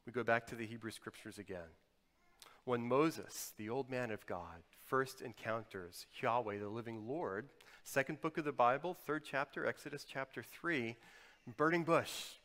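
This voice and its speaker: A male pastor delivers a sermon with real dynamic sweep, rising to forceful emphasis and then dropping to hushed, close tones. His voice rings out through a long, lingering hall reverb, as in a church sanctuary. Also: medium pitch, moderate pace. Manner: dynamic, swings from loud emphasis to quiet intimate tones.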